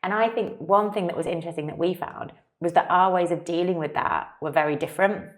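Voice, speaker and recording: A woman's voice: fairly low pitch, a little fast. A woman, co-hosting a casual chat, talking chattily, trailing off mid-sentence and laughing often. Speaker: podcast co-host.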